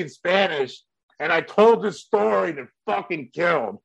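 A man's voice: sits high, animated, moderate pace, gravelly, breathy edge, no echo, poor audio. A male comedian telling a story in casual chat, rambling and profane with many fillers.

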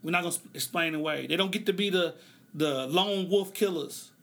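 A man's voice: sits high, fairly bright tone. A man hosting a solo podcast, speaking, passionate and preacher-like, loose and joking at times. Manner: impassioned, preaching cadence, drawn-out phrases; loose, joking, laughs often. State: emotional, tearing up. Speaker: podcast host.

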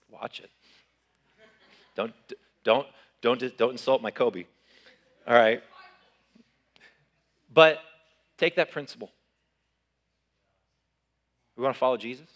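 A pastor preaching a sermon in an animated, conversational way, often repeating his words. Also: mid-range voice. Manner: animated, repeats words, uses sports analogies.

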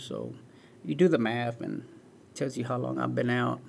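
A man in his forties with a gravelly, creaky edge to his voice tells his life story in an earnest, plain way, often throwing in "man" and "right". His pitch sits in the middle range. Faint noise hangs behind him. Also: steady tone, moderate pace. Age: 40s. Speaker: interview guest.

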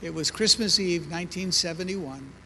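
A man's voice: high-pitched, moderate pace, sharp tone, long reverb tail, a little hiss or hum. An older man telling his testimony in a sermon, with humor, to a congregation. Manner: storytelling, self-deprecating humor. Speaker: preacher.

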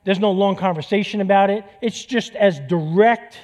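Preaching at normal speed, the middle-aged pastor has a high, slightly mellow voice. His church sermon is chatty and humorous, and he returns to key phrases again and again to stress them.

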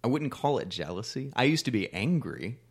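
A man talks through relationship advice in a relaxed, frank way, like the life coach he is. He co-hosts a casual podcast and explains his points step by step in an ordinary voice. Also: mid-range voice, a little fast, slightly rough.

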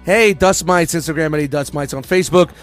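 A man's voice: on the high side, fairly quick, a bit bright, faint music behind. Laid-back man with a lifted voice. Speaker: podcast co-host. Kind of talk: casual chat.

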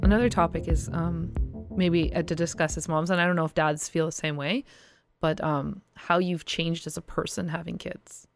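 A woman with kids chatting casually on a podcast, often pausing with "um" and "uh". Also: fairly low pitch, level tone, creaky, soft background music. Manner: hesitant, many ums and uhs. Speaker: podcast guest.

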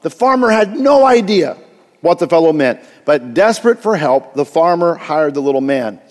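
A man's voice: a little high, sing-song, moderate pace, darkish tone, in a large hall. A male pastor preaching a sermon, telling a story with frequent restarts and asides.

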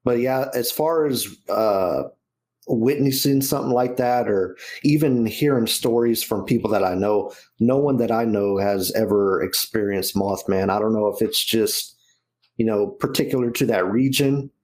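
An easygoing male co-host chats casually and pauses to find his words. His voice sits fairly low. He goes along with the others and rarely pushes a point. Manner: relaxed, hesitant, agreeable. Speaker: podcast co-host. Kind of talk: casual chat.

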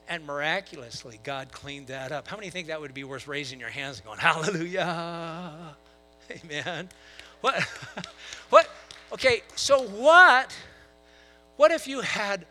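Bright-voiced male pastor preaching. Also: fairly high pitch, poor audio. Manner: storytelling with swings from soft to loud. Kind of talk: sermon. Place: church.

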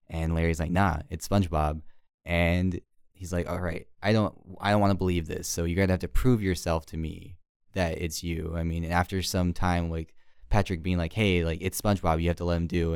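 A man's voice: low-pitched, clean tone, no room sound, studio quality. A man co-hosting a podcast, telling an episode's plot in a casual, rambling way with many fillers. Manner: rambling, filler-heavy storytelling. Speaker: podcast co-host.

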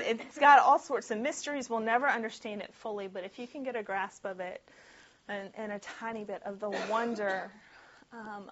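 Woman Bible-study teacher, mid-pitched, chatty with frequent laughs, slightly muffled recording. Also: a bit bright. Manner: chatty and conversational, often laughing, with many "like" and "right?" asides. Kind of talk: casual Bible teaching to a group.

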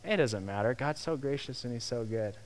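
A young man preaching a sermon in a lively, conversational way, acting out the quotes he tells. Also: medium pitch, fairly quick. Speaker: pastor.

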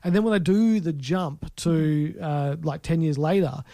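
A man's voice: fairly high pitch, measured pace, gravelly, warm tone, dry recording, studio quality. A man co-hosting a film podcast, chatting casually with many fillers and restarts. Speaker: podcast co-host. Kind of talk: casual film review chat.

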